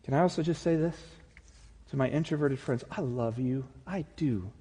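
In a church sanctuary, a male pastor preaches a sermon with a husky, dark voice at medium pitch and normal speed. He's earnest and conversational, with touches of humor, and the hall is reverberant.

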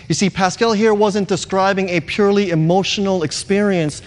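A man's voice: high voice, normal speed, few pauses, big-room sound. A male pastor preaching a sermon in an earnest, emphatic way, repeating key words.

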